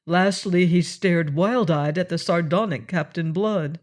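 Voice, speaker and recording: A man narrating a classic adventure novel in a measured, expressive storytelling manner. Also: high-pitched. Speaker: audiobook narrator. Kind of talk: audiobook reading of a classic novel.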